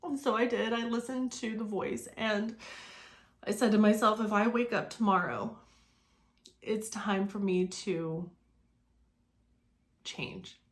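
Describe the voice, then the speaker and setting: A woman in her forties speaks in an earnest, reflective way as she tells her own story. Her voice sits at a middle pitch, and she talks with loose fillers and restarts. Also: steady tone, measured pace. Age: 40s. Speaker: vlogger sharing her life story. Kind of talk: personal storytelling to camera.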